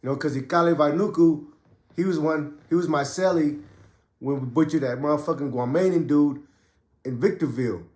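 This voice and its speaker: A former inmate turned podcast host recounts his prison days at a moderate pace, his voice sitting on the high side with a darkish tone. He talks in relaxed street slang, clearing a lingering cough, and the audio sounds roomy.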